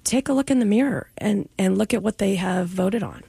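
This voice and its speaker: A woman panelist with a heavily gravelly, husky voice, recorded dry and close. She talks in halting restarts before landing on a firm point in a political discussion. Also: medium pitch, dark tone, no room sound. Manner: hesitant, restarts often, then firm.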